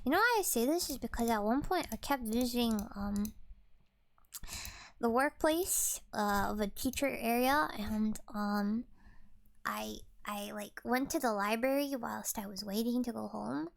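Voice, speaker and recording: A young woman in a whispered role-play, soft-spoken and rambling, swearing freely and trailing off mid-thought. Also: fairly high pitch, normal speed, gravelly, no echo. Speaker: ASMR creator.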